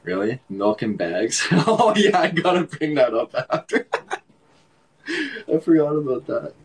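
Husky laid-back Canadian guy. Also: a little high, wildly swooping pitch, measured pace, rough recording. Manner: laid-back, laughs often, heavy use of "like". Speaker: livestream host. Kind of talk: casual livestream chat.

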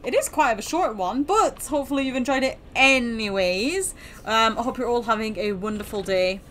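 Woman, gaming host, playful commentary, bright crisp voice. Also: medium pitch, slight background noise. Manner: playful, chatty, teasing. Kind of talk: game commentary.

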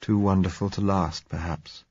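A man reading an audiobook, voicing a blind young man who coaxes gently and speaks softly. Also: low-pitched, moderate pace, breathy edge, no echo, dull audio. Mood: tender. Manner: soft, gently coaxing.

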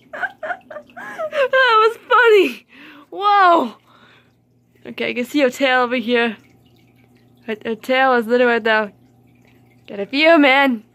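A woman chatting casually in a vlog about her pet fish, excitable and playfully scolding them as she talks. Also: fairly high pitch, a little slow, long pauses.

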